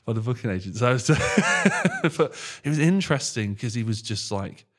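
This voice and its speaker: British male musician guest, loose sweary anecdotes, mid pitch, drifts quiet. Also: big pitch swings, normal speed, husky. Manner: swears freely, drops into a low mutter mid-story. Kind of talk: casual chat.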